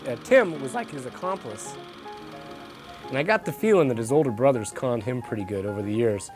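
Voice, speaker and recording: A man's voice: medium pitch, brisk, over music. Chatty man recalling old friends. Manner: relaxed, chatty, many fillers. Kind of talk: interview recollection.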